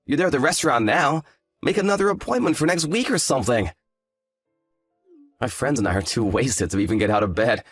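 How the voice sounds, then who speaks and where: A man's voice: mid-range voice, expressive, a little fast, a bit bright, soft background music, close to an everyday voice. A man voicing an arrogant, hungover young fiancé who talks in a lazy, condescending, sarcastic way. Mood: dismissive. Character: arrogant hungover male fiancé, dismissive and smug. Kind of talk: scripted story drama.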